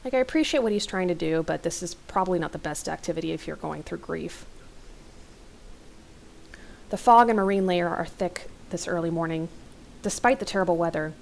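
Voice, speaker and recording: A woman's voice: lowish voice, vocal fry, a little hiss or hum, low-quality recording. A young adult woman reading an interactive horror novel aloud as a let's-play host, with casual, wry asides.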